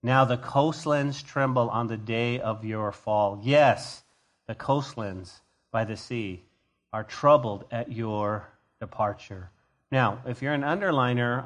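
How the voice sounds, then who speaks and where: A male pastor teaching a sermon verse by verse, conversational and expressive, moving from hushed to emphatic. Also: mid-range voice, moderate pace.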